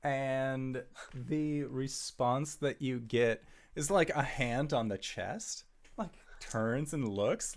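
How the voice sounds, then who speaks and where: A man narrating as game master for a tabletop role-playing game, relaxed. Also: medium pitch, slow.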